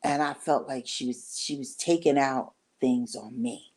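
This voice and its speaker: A woman's voice: a bass voice, steady tone, unhurried, a little mellow. A middle-aged woman casually telling a personal story to camera, rambling and acting out what people said. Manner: rambling, conversational, acts out quoted talk.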